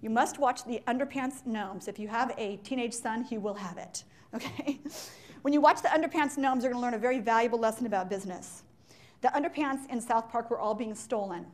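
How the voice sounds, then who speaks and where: A woman giving a live business talk to an audience in an animated, joking way, firing questions at the listeners. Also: a little high, a little fast. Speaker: leadership speaker.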